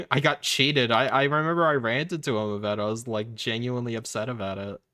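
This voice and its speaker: A man's voice: mid-range voice, fairly even intonation, brisk, bright, forceful tone. A man casually telling a long, rambling childhood story on a gaming livestream, with lots of restarts and acted-out quotes. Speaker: livestream host. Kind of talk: casual chat.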